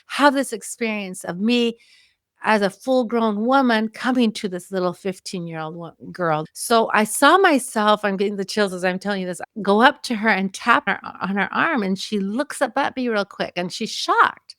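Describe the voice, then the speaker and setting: A woman's voice: mid-range voice, moderate pace, a bit bright, no echo, clean studio sound. A woman in her fifties from Mexico, a podcast guest telling a personal story earnestly and with emotion. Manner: earnest, emotional, vividly reliving memories.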